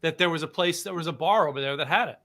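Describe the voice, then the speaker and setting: A man co-hosting a podcast, telling animated stories with stumbles and restarts. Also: on the high side, racing. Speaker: podcast co-host. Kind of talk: casual chat with storytelling.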